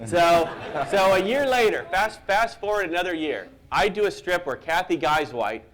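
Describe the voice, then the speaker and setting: Self-deprecating man telling animated stories. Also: high voice, normal speed. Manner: self-deprecating, animated storyteller who laughs at his own tales. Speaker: cartoonist guest. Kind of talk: anecdotal storytelling in an interview.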